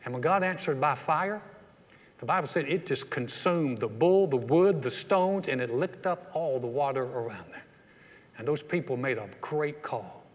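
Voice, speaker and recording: A man with a Texan accent preaching a sermon as pastor, telling the story with animated energy and acting out the quotes. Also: medium pitch, moderate pace. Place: church sanctuary. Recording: long church hall reverb.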